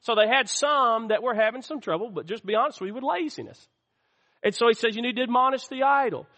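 A man's voice: extremely high pitch, quick pace, bright, forceful tone, big-room sound. A man preaching a sermon as pastor, calling out to the church and asking for amens. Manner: call-and-response preaching, asks the church for amens. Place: church sanctuary.

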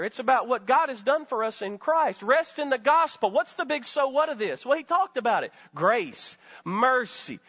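High-voiced pastor guy preaching, asks the church stuff, sharp bright tone. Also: muffled recording. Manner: preachy, rhetorical questions, call-and-response with congregation. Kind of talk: sermon.

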